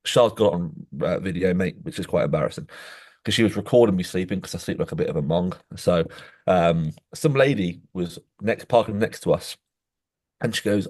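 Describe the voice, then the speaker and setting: A man co-hosting a podcast, telling stories in animated casual chat, saying "mate" often and acting out quoted voices. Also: moderate pace. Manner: animated storytelling, says "mate" constantly; acts out quoted voices with jumps in pitch. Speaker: podcast co-host.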